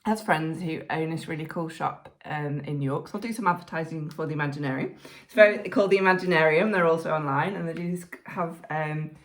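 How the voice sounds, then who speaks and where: A woman co-hosting a crafting podcast in casual, rambling chat, excitable and quick to swear. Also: low-pitched. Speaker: podcast co-host.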